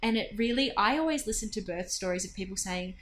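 A woman tells a personal story in a casual, chatty way, with lots of fillers. Her pitch sits in the middle of the range, and a faint hiss runs under the recording. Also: fast talker. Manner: chatty, animated storytelling with laughs.

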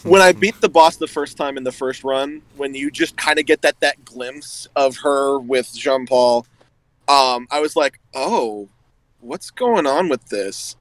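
A man's voice: mid-range voice, measured pace, dry recording, rough recording. A man in casual chat who rambles with lots of "like" and laughs often.

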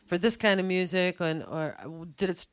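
A woman's voice: lowish voice, brisk. Woman radio host, chatty and friendly, studio mic, live interview. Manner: friendly, chatty, asks loose questions with fillers. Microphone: studio microphone.

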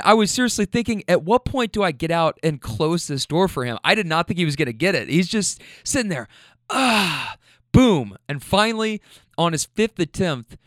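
A man casually telling a funny anecdote, animated and often laughing as he mimics the people in it. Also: on the high side, no echo, studio quality. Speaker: storyteller recounting a rideshare trip.

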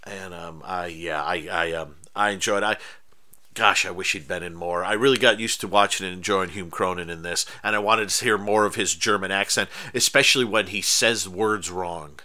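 A man co-hosting a podcast in easy, casual chat. His voice is low and bright, and he stumbles and restarts his sentences often. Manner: halting, many restarts. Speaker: podcast co-host.

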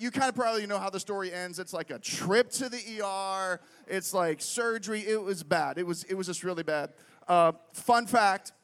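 A middle-aged man from Pittsburgh preaches in a bright, fairly high voice, telling a funny story from the festival stage. He keeps checking in with the crowd and peppers his talk with "like" and "right?". His voice rings out with a long echo off a big hall. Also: smooth. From Pittsburgh, United States. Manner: animated, quizzes the crowd with frequent questions, many fillers. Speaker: festival speaker. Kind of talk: humorous storytelling sermon. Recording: long reverb from a large venue.

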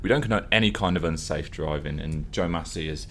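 A man's voice: extremely low pitch, brisk, fairly bright tone, a little hiss or hum. A man co-hosting a podcast from an office, chatting casually with jokey, teasing banter. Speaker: podcast co-host. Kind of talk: casual chat.

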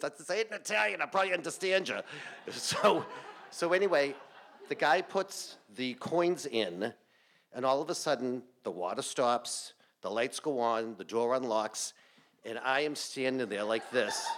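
Animated male storyteller on stage. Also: mid-range voice, normal speed, slight background noise. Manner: animated, salty, laughs through his lines. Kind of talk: live storytelling. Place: theater stage before a live audience.

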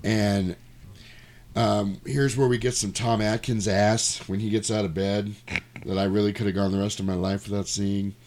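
Low-voiced man recapping a movie. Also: level tone, normal speed, darkish tone, slight background noise. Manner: rambling, profane, jokey storytelling.

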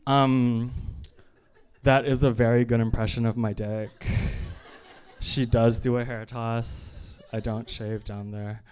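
A stand-up comic's mid-range, slightly mellow voice comes through flat and measured, with a little hiss or hum in the audio. At a live evening show, he spins self-deprecating stories, chatty and full of fillers and asides.

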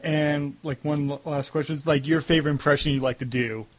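A man's voice: fairly high pitch, steady tone, a little fast. A man with a Long Island accent hosting an interview, easygoing and chatty, laughing along. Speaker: podcast host. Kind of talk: casual interview chat.

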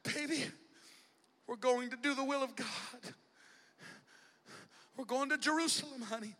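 A man's voice: extremely high pitch, measured pace, bright, forceful tone, heavily acted. A man voicing a grieving mother in a sermon, tender and close to tears. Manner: tender, then sobbing and wailing. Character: grieving young mother giving up her son.

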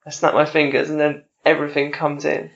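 A woman's voice: low voice, monotone, a little fast, gravelly, highs cut off. A woman hosting a casual podcast interview, joking and teasing her guest and swearing casually. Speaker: podcast host.

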